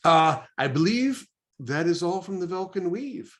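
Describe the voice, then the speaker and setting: A man's voice: sits high, animated, measured pace. An American man, the dungeon master, chatting casually as he wraps up a game stream, with many fillers and restarts.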